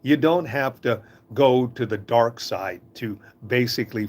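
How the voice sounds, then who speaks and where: An older man from Canada telling warm family anecdotes in a casual, chuckling monologue. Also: medium pitch, unhurried. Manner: chuckling, folksy, lively storyteller. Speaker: host of a short inspirational talk.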